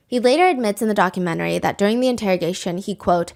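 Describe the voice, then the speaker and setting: A woman's voice: mid-range voice, fairly quick, creaky. A woman hosting a true crime podcast, telling the story with feeling and reading quotes aloud. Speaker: podcast host.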